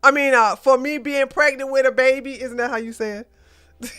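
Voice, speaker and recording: A woman's voice: high-pitched, steady tone, moderate pace, bright, forceful tone, clear, resonant tone. A woman hosting a casual political commentary livestream, blunt and ranting, with plenty of slang. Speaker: podcast host.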